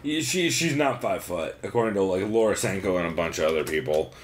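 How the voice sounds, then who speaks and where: A man co-hosts a casual podcast, his pitch swinging freely as he jokes and swears through a fight breakdown. His laughter comes often. Faint noise hums behind him. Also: expressive, a little fast. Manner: loose and profane, laughs often. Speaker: podcast co-host.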